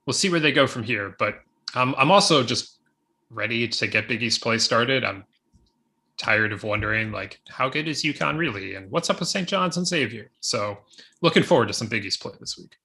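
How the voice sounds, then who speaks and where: A man co-hosting a podcast, talking casually with quick asides. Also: medium pitch, lively intonation, gravelly, sharp tone. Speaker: podcast co-host. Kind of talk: casual sports chat.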